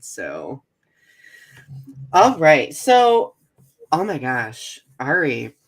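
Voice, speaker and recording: A man's voice: fairly high pitch, bright, forceful tone. A Midwestern American man hosting a casual podcast, speaking with giggly enthusiasm and laughing often. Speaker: podcast host. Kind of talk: casual chat.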